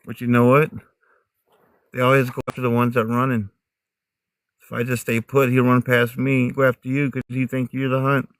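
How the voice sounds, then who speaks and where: A man's voice: mid-range voice, completely flat delivery, moderate pace, pauses often, no echo. A middle-aged man with a mixed Midwestern, Southern and Northern American accent, chatting casually to livestream viewers outdoors in the woods and laughing often. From United States, raised in many states. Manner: chatty, talks straight to viewers, laughs a lot. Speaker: livestream host.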